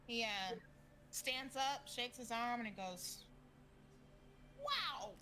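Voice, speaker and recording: Slow-talking woman game master. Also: on the high side, sharp tone, faint music behind. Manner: slow, hesitant narration with fillers. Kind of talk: narrating a tabletop game.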